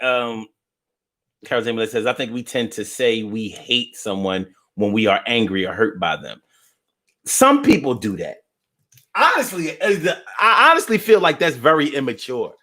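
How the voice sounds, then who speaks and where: A man talking at normal speed hosts a relaxed live stream, reading out comments from viewers. He answers them in an animated, playful way full of cursing, bouncing between loud outbursts and quiet mutters.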